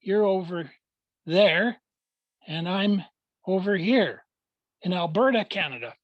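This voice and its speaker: A man giving a formal prepared speech to a club over a video call, measured and deliberate, with emphatic pauses. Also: high-pitched, animated, dry recording, highs cut off. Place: at home, joining remotely.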